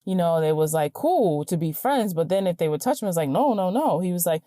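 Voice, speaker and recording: A woman hosting a podcast, telling a personal story in a chatty, animated way with lots of fillers and quick "right?" checks. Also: lowish voice, no room sound, clean studio sound. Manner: animated, chatty, many fillers and tag questions. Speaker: podcast host. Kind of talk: casual storytelling.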